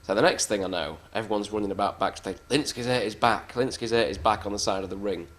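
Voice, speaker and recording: A man's voice: lowish voice, fast talker, a bit bright. A man, a wrestler being interviewed, telling backstage stories in a blunt, swearing, self-mocking way. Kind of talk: casual anecdotal storytelling.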